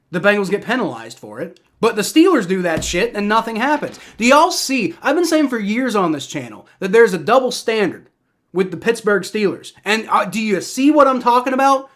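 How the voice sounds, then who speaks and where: A man's voice: sits high, sing-song, normal speed, a bit bright. A young man streaming live football reactions and play-by-play, heated and profane, ranting with many restarts.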